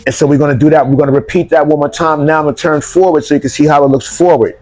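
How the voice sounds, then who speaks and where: A man's voice: on the high side, steady tone, rapid-fire, darkish tone, soft background music. A man teaching martial arts, guiding students step by step through a breathing and stick exercise. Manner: directive, coaching step by step. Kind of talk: exercise demonstration.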